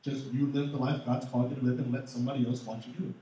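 A man preaching a sermon as pastor, animated, swinging between loud and soft. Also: medium pitch, racing, a little hiss or hum. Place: large church hall. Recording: echoey hall, mic far off.

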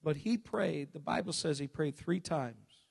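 A man preaching a sermon in church as pastor, emphatic, swinging between shouts and hushed asides. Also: on the high side, measured pace, vocal fry, husky. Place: church service.

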